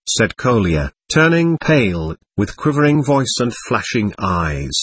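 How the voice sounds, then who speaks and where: A man narrating a novel as an audiobook, with steady, measured storytelling. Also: fairly low pitch, slightly rough. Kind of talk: scripted narration.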